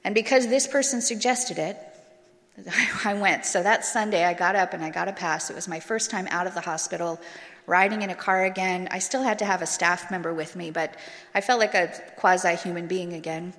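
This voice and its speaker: A woman with a lowish, slightly bright voice speaks briskly, candidly sharing her recovery story with an audience in a blunt, casual way with some swearing. Long hall reverb surrounds her.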